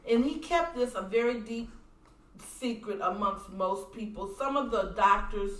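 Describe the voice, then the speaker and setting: A woman's voice: medium pitch, a little slow. Earnest storytelling woman, roomy distant sound. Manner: animated, acts out voices in quoted dialogue; earnest, speaks of faith. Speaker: podcast guest, widow. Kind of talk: personal storytelling in an interview.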